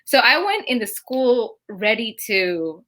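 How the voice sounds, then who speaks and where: A woman's voice: fairly high pitch, lively intonation, slow, a bit bright. A young woman from Kenya with a Kenyan accent touched by British and American ones, talking casually in an interview and laughing often. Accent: Kenyan with British, Southern US and Seattle traces. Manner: chatty, laughs often, acts out quoted voices. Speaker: guest.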